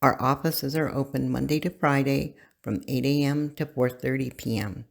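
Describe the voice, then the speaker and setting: A language teacher giving a recorded lesson, speaking deliberately and pausing so learners can repeat words. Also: mid-range voice, steady tone, vocal fry.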